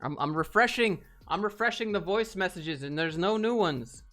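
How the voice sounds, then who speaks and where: A man's voice: high voice, animated, normal speed, a bit bright, soft background music. A man hosting a casual livestream, answering viewer questions bluntly and with jokes. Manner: blunt, joking, talks straight to viewers.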